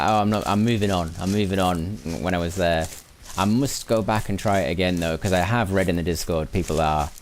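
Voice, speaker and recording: Low-voiced northern English man gaming. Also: slight background noise. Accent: northern English, mixed. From Lancashire, England. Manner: musing aloud, chatting with viewers while playing. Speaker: gaming streamer. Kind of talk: live gameplay commentary.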